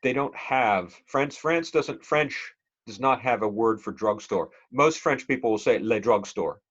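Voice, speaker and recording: A middle-aged man teaching a speech class, talking in a relaxed conversational way with many fillers and questions to the students. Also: medium pitch, measured pace. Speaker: college speech instructor. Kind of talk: classroom lecture. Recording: dull lo-fi classroom recording.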